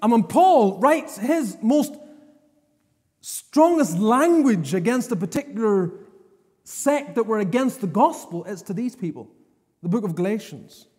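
A man's voice: sits high, big pitch swings, unhurried, darkish tone, breathy edge. A man preaching a sermon, emphatic and given to repeating phrases for stress. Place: church sanctuary. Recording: long church reverb.

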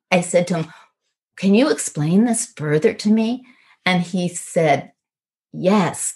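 A woman sharing a personal story in an earnest, reflective way, retelling conversations word for word. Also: low-pitched.

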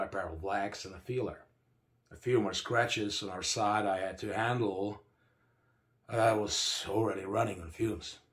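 Lowish male voice reading a fantasy story out loud, dramatic, takes his time on key bits. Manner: dramatic storytelling, slows for emphasis. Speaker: narrator. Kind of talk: first-person audiobook narration.

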